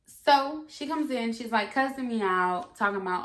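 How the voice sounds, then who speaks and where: A woman's voice: medium pitch, animated, normal speed, hardly any pauses. A young woman telling a story from her own life in a casual, candid way, swearing freely and rambling with fillers. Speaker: vlogger. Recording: echoey room.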